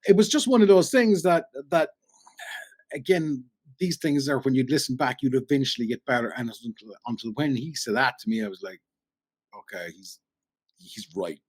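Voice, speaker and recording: A middle-aged man with a Cork Irish accent, a radio broadcaster telling animated anecdotes in a casual chat and acting out the voices he quotes. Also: mid-range voice, fairly quick. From Ireland. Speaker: podcast guest, radio broadcaster.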